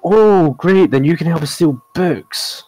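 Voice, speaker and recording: A man's voice: on the high side, expressive, a little slow, darkish tone, dry recording, voice pushed up, low-quality recording. A man voicing a brash, bossy female pirate pony with a pushy, mocking manner.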